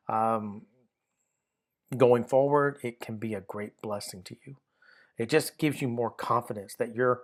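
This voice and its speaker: A man of middle pitch walks through a grammar lesson in a recorded video. He explains patiently and restarts his sentences often, with plenty of "uh" and "um" along the way. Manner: patient, explanatory, with frequent fillers and repeated words. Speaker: Greek grammar teacher.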